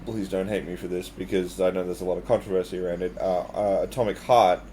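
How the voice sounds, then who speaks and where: A man's voice: low voice, steady tone, fast talker, warm tone, a little hiss or hum. Man ranting in casual podcast chat. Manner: emphatic, opinionated ranting. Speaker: podcast co-host.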